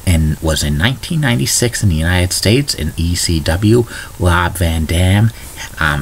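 A man's voice: sits low, slight background noise. A man hosting a casual morning video blog, reading a chatty rundown of news items and trivia with small restarts. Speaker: video blogger.

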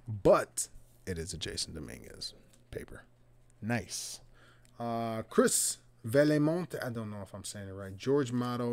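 A man's voice: on the low side, gravelly. Brash man hosting a card break. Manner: loud, teasing banter with coarse language. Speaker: trading card box break host. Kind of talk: live card break, chatting with viewers.

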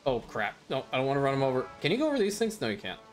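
A man of middling pitch rambles through casual gameplay commentary, drifting between topics with lots of "uh"s and small laughs. Faint game music plays softly underneath his voice. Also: wildly swooping pitch, rapid-fire. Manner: rambling, with frequent fillers and chuckles. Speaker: gaming channel host.

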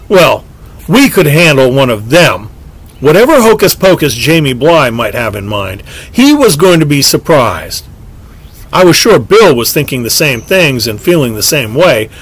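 A male audiobook narrator reads a scripted story aloud in a lively, expressive way, his fairly high voice rising and falling widely across each sentence. The audio is poor.

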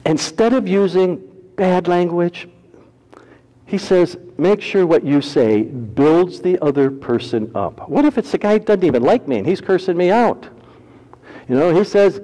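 A man preaching a sermon as pastor, folksy and humorous, swinging between loud emphasis and hushed, quiet lines. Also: sits high, measured pace, long reverb tail, rough recording.

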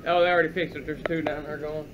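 A man's voice: a little high, level tone, fast talker. A man vlogging casually to a handheld camera outdoors, joking and teasing the people around him. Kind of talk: casual vlog chat. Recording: dull lo-fi camera audio with clear background noise.

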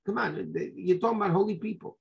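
A man giving a lively Torah class as a rabbi, telling the story with rhetorical questions and Hebrew and Yiddish terms mixed in. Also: high-pitched, fast, vocal fry, lo-fi sound.

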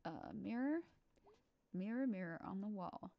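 A woman's voice: medium pitch, lively intonation, measured pace, vocal fry, highs cut off. A woman giving casual let's play commentary, self-deprecating, giggly and rambling. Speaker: game streamer.

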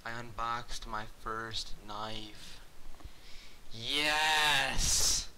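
A young man giving casual commentary while opening cases in a game, half-whispering at times and then overjoyed. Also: measured pace. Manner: mutters and whispers quietly at first, then shouts in wild excitement. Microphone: cheap computer mic. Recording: hissy low-quality mic.

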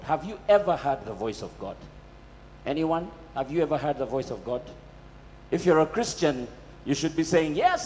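A man's voice: fairly high pitch, big-room sound, a little hiss or hum, low-quality recording. A man preaching a sermon, asking his listeners questions and pressing his points with emphasis.

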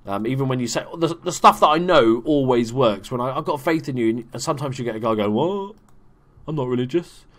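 A man's voice: medium pitch, quick pace, hardly any pauses. Young male gaming YouTuber, chatty and self-deprecating, loose play-by-play. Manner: chatty, self-mocking, swears when excited. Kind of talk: casual let's play commentary.

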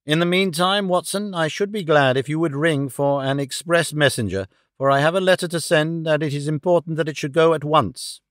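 A calm, shrewd detective who weighs every word with quiet confidence, as a male narrator puts him on. The voice is a little high for a man and the recording is dry. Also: a little fast, few pauses, dry recording, close to an everyday voice. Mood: courteous.

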